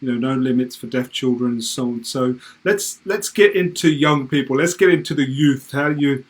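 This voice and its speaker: A man's voice: mid-range voice, normal speed, husky. A man hosting a conversational interview, adding short reactions and praise. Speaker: host.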